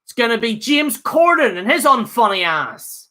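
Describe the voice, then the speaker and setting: A man's voice: sits high, sing-song, a little slow, few pauses, bright, forceful tone. A man hosting his own livestream, rambling in a fired-up, jokey rant. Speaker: livestream host.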